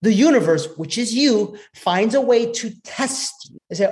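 Animated man coaching a live group. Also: sits high, measured pace. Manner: animated storytelling, talks straight to the audience. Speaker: business coach. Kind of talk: motivational teaching to a live group.

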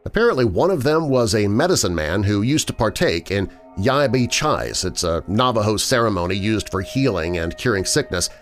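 A man hosting a podcast, reading a scripted horror story in a dramatic, expressive manner. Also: lowish voice, moderate pace, few pauses. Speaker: podcast host and narrator. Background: faint background music.

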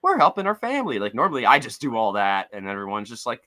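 A man co-hosting a podcast in casual chat, animated and swearing, jumping into high voices when he quotes people. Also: quick pace, few pauses, dry recording, studio quality. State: limping with a foot injury. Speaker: podcast co-host.

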